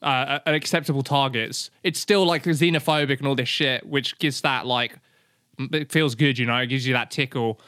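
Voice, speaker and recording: Smooth-voiced joking man. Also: mid-range voice, fairly even intonation, normal speed, bright, forceful tone, dry recording, studio quality. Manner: joking, playful teasing. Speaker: podcast co-host. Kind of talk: casual banter.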